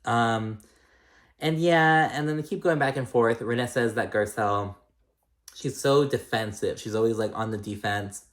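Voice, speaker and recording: At a moderate pace and medium pitch, a young man chats casually about a reality show, rambling along, cursing freely and impersonating what others said.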